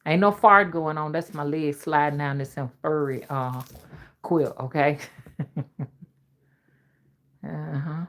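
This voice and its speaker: This livestream host's voice sits low and has a fairly bright tone, with fairly even intonation, a slow pace, and long pauses. She's an Alabama woman with an old-fashioned Southern accent, chatting casually and reading viewers' comments in a folksy way.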